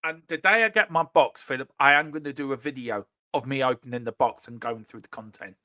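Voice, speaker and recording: A man's voice: mid-range voice, a little fast, pushed and bright, no room sound, clean studio sound. A man hosting a casual live stream, jokey and teasing, reading viewers' chat aloud over a remote call. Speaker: livestream show host.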